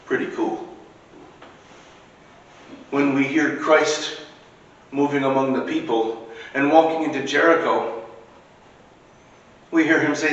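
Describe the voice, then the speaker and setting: A man's voice: mid-range voice, steady tone, slow pace, pauses often, fairly bright tone, highs cut off. A man preaching a sermon in a church, in a conversational way with casual asides. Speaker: priest. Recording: echoey church recording from far off.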